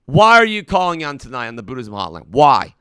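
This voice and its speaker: A man's voice: mid-range voice, sing-song, brisk, fairly bright tone, clean tone, no room sound, clean studio sound. A man hosting a comedic mock call-in hotline, indignant, preachy and exasperated with his callers. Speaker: call-in show host.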